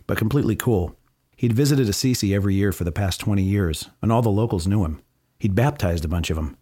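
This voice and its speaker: Guy from the us reading his travel journal, sarcastic asides, deep voice. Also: darkish tone, no echo, clean studio sound. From United States. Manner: wry, sardonic asides. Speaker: narrator.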